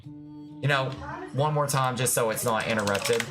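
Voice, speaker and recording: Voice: mid-range voice, measured pace. Affectionate streamer doing tarot readings, music behind. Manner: affectionate, reassuring, calls viewers "my love". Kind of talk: casual live-stream chat.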